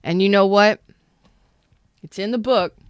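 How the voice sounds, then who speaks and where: A woman talks through a tarot reading to her chat in a blunt, animated way, dropping curses and slang. Her voice is smooth and clear, recorded dry and close with no room sound. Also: mid-range voice, measured pace, no room sound. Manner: blunt, swearing, animated Southern-style slang. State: clearing throat after a cough. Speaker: tarot reader. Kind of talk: casual livestream tarot reading.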